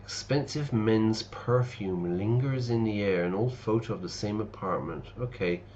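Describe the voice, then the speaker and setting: A man's voice: lowish voice, normal speed, a little mellow, lo-fi sound, a little hiss or hum. Chatty man explaining while playing. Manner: chatty, explains words and reads game text aloud. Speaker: English teacher streaming a game. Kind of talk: casual let's-play commentary.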